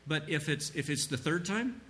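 Bright-voiced man teaching parents. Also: a little high, animated, normal speed, a little hiss or hum. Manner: rambling, many fillers, acts out quoted parents and children. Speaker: church speaker answering a question. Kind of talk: informal sermon-style teaching.

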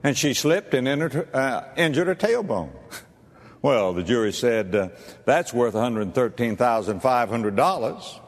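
A man preaching a sermon to a congregation, swinging between low, quiet asides and high, ringing exclamations. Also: sing-song, normal speed, big-room sound. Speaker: pastor. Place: church sanctuary.

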